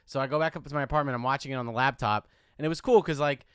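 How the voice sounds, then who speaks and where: A man's voice: mid-range voice, very fast, clean tone, no room sound, studio quality. A young man, a comedian, chatting as a podcast co-host and telling jokey stories. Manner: joking, storytelling, says dude a lot. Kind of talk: casual chat.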